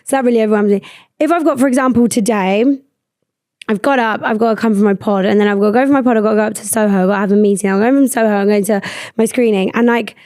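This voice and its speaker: A young woman hosting a podcast, talking in a rambling, animated way and swearing freely. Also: mid-range voice, rapid-fire, dry recording, clean studio sound. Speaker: podcast host. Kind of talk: casual chat.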